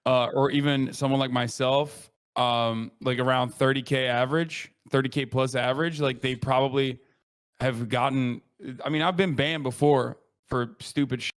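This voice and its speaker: A man on a stream call, calmly explaining at length with plenty of fillers in casual chat. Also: medium pitch, normal speed.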